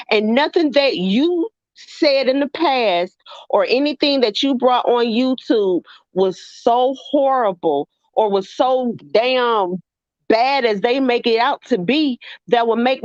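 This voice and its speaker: A higher-pitched woman talks bluntly and emphatically. Her voice comes through a dry, slightly muffled stream line. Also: dry recording. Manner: blunt, teasing, emphatic with swearing. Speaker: co-host. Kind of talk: livestream chat.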